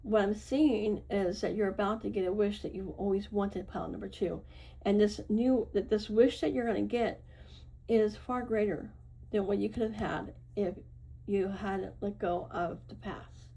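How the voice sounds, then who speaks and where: Woman, tarot reader, warm husky tone, casual and reassuring, chatty with fillers. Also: medium pitch, steady tone, normal speed, low-quality recording. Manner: reassuring, repeats "right?" and "okay?"; loose and chatty, with fillers and self-corrections. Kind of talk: casual tarot reading to camera.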